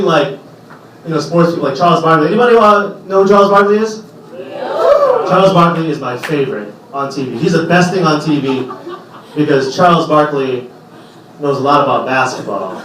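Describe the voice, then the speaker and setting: A man performing a stand-up comedy set in a small club, talking conversationally and slipping into quick impressions of the people in his stories. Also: fairly high pitch, fairly bright tone, slight background noise. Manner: conversational, acts out characters in quick bursts. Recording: roomy echo from a distant mic.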